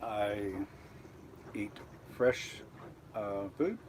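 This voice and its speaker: A man's voice: fairly low pitch, animated, very slow, a little hiss or hum. Rambling man chatting on a live stream. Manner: rambling, self-correcting, chatty. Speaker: vlogger reading live chat. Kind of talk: casual live-stream chat. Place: inside a boat at anchor.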